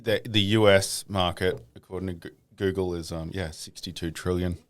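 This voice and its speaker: A man with a very deep voice speaks only now and then in a casual podcast chat. His contributions are short questions and quick factual remarks. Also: steady tone. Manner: brief questioning interjections. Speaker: podcast co-host.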